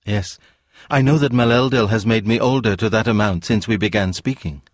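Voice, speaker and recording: A man voicing a serene, wise young woman from another world in a read-aloud story, speaking calmly and earnestly. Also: on the low side, brisk, dry recording, clean studio sound, natural voice.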